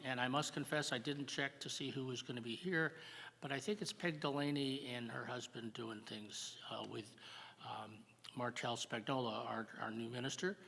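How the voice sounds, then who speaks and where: An older man hosting a live church jazz service, announcing events and telling a folk story in a folksy, halting way. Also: mid-range voice, steady tone, creaky, a bit bright, a little hiss or hum. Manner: folksy, halting, with fillers and repeats. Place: church sanctuary. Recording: live church broadcast with long reverb.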